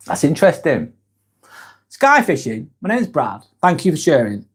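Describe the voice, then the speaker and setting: A man's voice: a little high, huge pitch swings, normal speed, slightly rough. A man hosting a live vlog, chatting casually and reading out viewer comments, frank and blunt with plenty of swearing.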